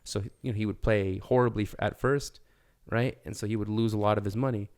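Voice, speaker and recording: A man with a fairly low speaking voice, talking as a guest on a casual podcast. He rambles, circles back and restarts his sentences while working through his thoughts. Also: fairly even intonation, a little fast, a little mellow. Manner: rambling, lots of restarts and fillers. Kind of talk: casual chat.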